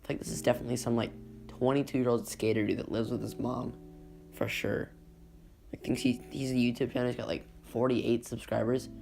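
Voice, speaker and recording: A man's voice: medium pitch, flat delivery, brisk, creaky, a little mellow. A man giving casual comedic commentary, sarcastic and incredulous, laughing at his own jokes. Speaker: YouTuber reading and mocking Reddit posts. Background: guitar music.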